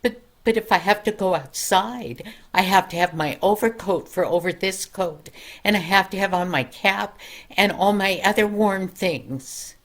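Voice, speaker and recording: Casting: whiny little boy, raised pitch, pleading excuses, read by a grandmother. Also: drawn-out words. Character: young boy, spoiled and complaining.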